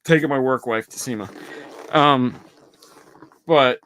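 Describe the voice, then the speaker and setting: A man's voice: mid-range voice, slow, fairly bright tone, slight background noise. A man co-hosting a casual podcast chat, telling long, profane, rambling stories. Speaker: podcast co-host.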